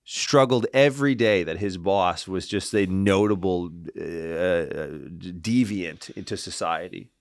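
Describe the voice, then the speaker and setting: A very deep-voiced man speaks as a podcast guest and clinician, telling stories in a casual interview. He is animated and relaxed, tagging lines with "like" and "right?" and swearing now and then, and the recording is dry with no room sound.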